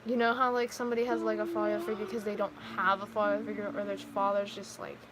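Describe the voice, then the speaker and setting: A woman's voice: mid-range voice, level tone, fast talker, a crowd in the background, rough recording. A teenage girl streaming, chatting in a rambling, emotional way with lots of "like.". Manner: rambling, emotional, heavy use of "like". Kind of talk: casual livestream chat. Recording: loud background noise, passing vehicles.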